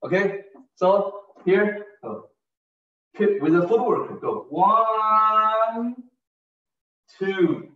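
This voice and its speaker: Slow-counting tai chi teacher, man. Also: high-pitched. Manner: counts beats aloud, short broken phrases. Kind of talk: step-by-step movement instruction. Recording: distant roomy lo-fi recording.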